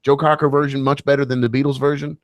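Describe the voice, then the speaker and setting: A man's voice: mid-range voice, little pitch movement, quick pace, no echo. A man hosting a radio talk show, bantering casually with wry, joking asides.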